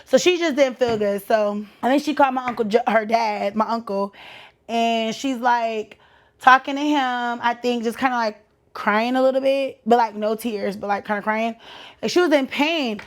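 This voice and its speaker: A young Texan woman hosting a podcast tells a story in a casual, animated, slangy way, voicing the people in it. Her Texan accent comes through in a fairly high pitch at normal speed.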